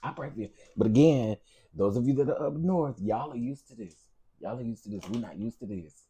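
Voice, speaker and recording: A man's voice: medium pitch, animated, a little fast, mellow, slightly rough, dull audio. A man hosting a casual livestream, greeting viewers by name and repeating his phrases. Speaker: livestream host.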